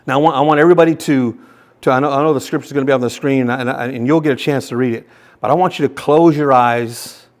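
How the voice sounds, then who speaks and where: A man preaching a sermon as pastor, impassioned, often repeating words and restarting, and reading scripture very slowly and softly. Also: mid-range voice.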